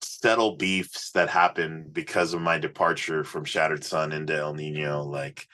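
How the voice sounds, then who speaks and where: A man, a rock musician guest, telling road stories in a casual, swearing, animated way on a podcast. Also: rumbling low, moderate pace. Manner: profane, animated storyteller. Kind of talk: casual storytelling interview.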